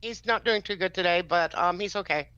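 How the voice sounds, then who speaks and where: A caller in casual chat, speaking plainly and haltingly with many fillers. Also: mid-range voice, pushed and bright, clear, resonant tone, no echo, highs cut off.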